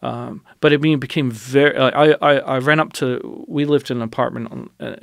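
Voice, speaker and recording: A man with a gravelly, creaky voice tells a personal story as a radio interview guest. He talks in an animated, rambling way and restarts often. The recording is dry and close. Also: medium pitch, brisk, no room sound.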